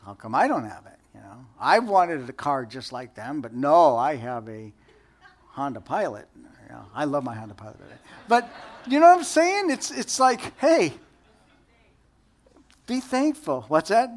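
High-voiced man preaching casually. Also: big pitch swings, measured pace. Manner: conversational, joking, asks the audience questions. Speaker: pastor. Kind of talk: sermon.

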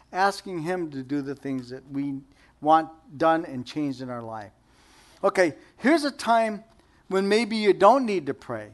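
High-voiced man preaching casually. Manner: conversational, joking, asks the audience questions. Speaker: pastor. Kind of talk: sermon.

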